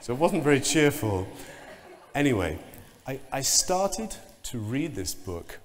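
A man giving a conference keynote talk, telling anecdotes in an animated way and mimicking sounds and voices. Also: medium pitch, measured pace. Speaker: keynote speaker. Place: large conference hall. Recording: long reverb of a conference hall.

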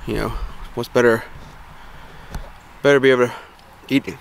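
With a steady tone, a mid-range voice, some vocal fry, and a normal speed, a man with a Southern American accent vlogs casually about his homestead. He rambles with enthusiasm and keeps restarting, recorded outdoors in a yard with faint outdoor noise.

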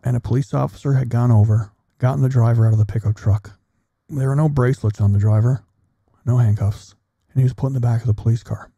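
A middle-aged man and military veteran, a podcast guest, telling a personal story bluntly and with plenty of swearing, in a measured delivery. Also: mid-range voice, steady tone, gravelly, warm tone, dry recording, muffled recording.

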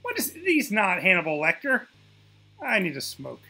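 Man, game streamer, gravelly, husky, lively pitch, wry asides. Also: normal speed, faint music behind. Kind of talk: casual gameplay commentary.

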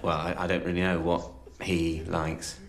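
A man's voice: sits low, completely flat delivery, normal speed. An actor playing a nervous man before a date, hesitant and stammering. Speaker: sketch character. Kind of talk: sketch comedy acting. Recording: clip with clear background noise.

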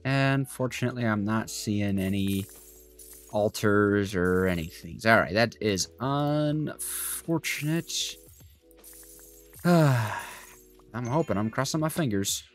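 A man's voice: lowish voice, animated, takes it slowly, soft background music. A young man giving rambling let's play commentary as a gaming YouTuber, chatty with lots of fillers and asides. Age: young adult.

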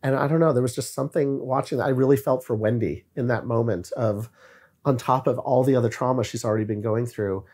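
A man in a podcast conversation, speaking at an everyday mid-range pitch. He is reflective and unhurried, and he often pauses or restarts to find the right word. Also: fairly even intonation, darkish tone. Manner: reflective, searching for words. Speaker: guest filmmaker.

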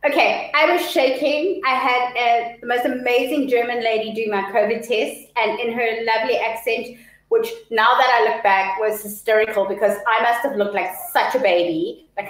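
A woman co-hosting a casual live-stream chat, telling stories in an animated, dramatic way. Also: fairly high pitch, normal speed. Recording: echoey room.

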